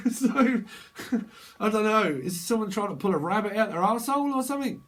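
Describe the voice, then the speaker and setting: A man's voice: high voice, expressive, normal speed, fairly bright tone. A man giving a rambling, jokey tarot reading, laughing often between his thoughts. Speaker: tarot reader. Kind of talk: casual tarot reading monologue.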